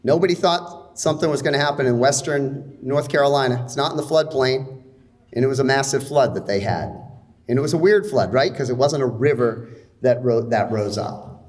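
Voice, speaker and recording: A man's voice: mid-range voice, normal speed, darkish tone. A man, a former mayor, giving an earnest public speech to a room of people, with some restarts. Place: event room with an audience.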